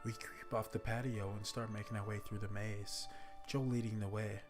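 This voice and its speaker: A man casually reading a first-person horror story, relaxed and profane in a conversational way. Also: fairly low pitch, normal speed, over music.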